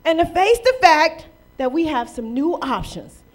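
Woman preacher, very high voice, lively sermon w/ lots of questions, bit of aave. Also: measured pace. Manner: lively preaching with rhetorical questions and playful acted quotes. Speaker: pastor.

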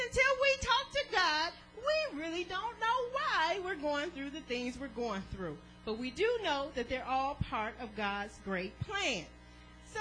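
A woman preaches with lots of energy, laughing frequently and pulling the congregation into call and response. Her voice sits high, and the audio quality is poor.

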